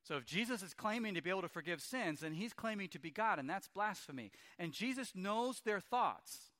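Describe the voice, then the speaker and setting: A man's voice: sits high, animated, a little fast, pushed and bright. A man preaching a sermon, retelling scripture scenes in a storytelling way and briefly acting out the quoted lines. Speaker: pastor.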